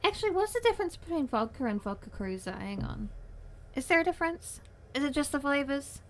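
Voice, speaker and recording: A woman's voice: sits high, big pitch swings, fairly quick. A young woman livestreamer chatting casually with her viewers from her desk at home, playful and giggly, with cutesy baby-talk phrasing. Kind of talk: casual chat with stream viewers.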